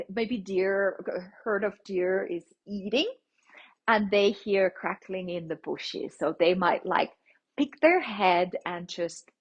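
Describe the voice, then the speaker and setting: A woman hosting a parenting podcast, explaining child-rearing principles in a gentle, teacherly way, often checking in with "okay?". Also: mid-range voice, breathy edge. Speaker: parenting podcast host, licensed clinical social worker. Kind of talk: instructive podcast talk.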